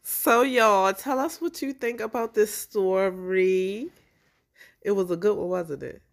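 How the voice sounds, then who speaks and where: A woman co-hosting a podcast in casual chat, relaxed and chatty, with informal slang. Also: medium pitch, takes it slowly, vocal fry. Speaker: podcast co-host.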